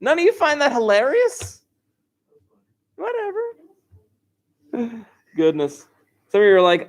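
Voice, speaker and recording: A man's voice: extremely high pitch, huge pitch swings, a little slow, pauses often. A man teaching an algebra class over a livestream from his classroom desk, joking and teasing his students and chuckling often. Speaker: high school algebra teacher.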